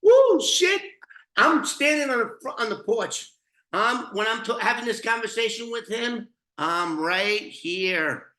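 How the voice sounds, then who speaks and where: Profane, slow-talking man in an echoey room. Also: high-pitched, sharp tone. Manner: blunt and profane, with frequent restarts and throat-clearing. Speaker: storyteller recounting his own experience. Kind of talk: casual storytelling.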